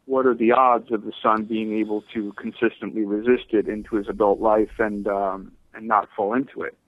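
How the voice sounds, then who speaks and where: A man's voice: on the low side, flat delivery, moderate pace, no echo. A man as an interview guest, talking at length with many fillers and restarts, over a phone line. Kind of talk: radio interview. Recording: dry tinny phone line.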